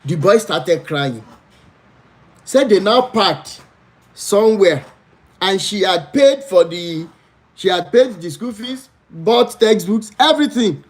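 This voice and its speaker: Nigerian man, live-stream host, animated storyteller, pleading tone, swooping pitch. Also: slow pace. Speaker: livestream host.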